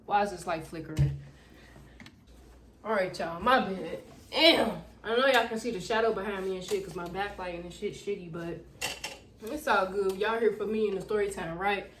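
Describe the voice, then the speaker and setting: Young woman hosting a casual storytime vlog at home, lively and foul-mouthed, recorded with clear background noise. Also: mid-range voice, normal speed. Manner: loud, animated, profane chatter. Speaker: YouTuber. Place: home room with backlight. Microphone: camera in front of her.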